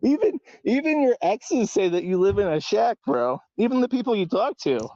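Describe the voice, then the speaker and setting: A high-voiced man hosts a call-in livestream and goads his caller relentlessly, mocking him and talking over every reply. The sound is dry and close but dull, like lo-fi stream audio. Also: very animated, normal speed, mellow, dry recording. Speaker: livestream host. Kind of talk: heated call-in argument.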